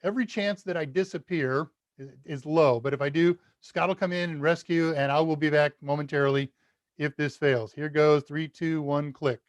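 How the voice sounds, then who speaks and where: A man teaches on a live stream, rambling in an easy, chatty way as he reads messages and talks through his project. His voice sits a little high for a man. The sound is dry and close to a desk mic, and his loudness swings as he leans in and out. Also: fairly even intonation, moderate pace, no room sound. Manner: rambling, chatty, talks to chat while working. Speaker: tech instructor hosting a live Q&A. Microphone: desk mic at a computer, level jumps as he leans away.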